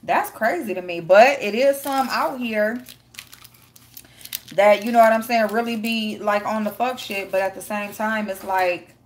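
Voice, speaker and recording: A woman's voice: mid-range voice, unhurried, a little hiss or hum. Blunt, chatty woman live-streamer. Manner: blunt and profane, laughing often; chatty, greeting viewers by name. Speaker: live-stream host reading chat. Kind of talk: casual live-stream chat.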